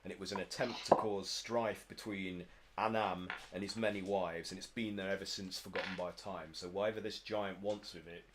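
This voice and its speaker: A man's voice: low-pitched, fairly even intonation, moderate pace. A British man running a tabletop game as game master, narrating in a rambling, stammering way, in a noisy home recording.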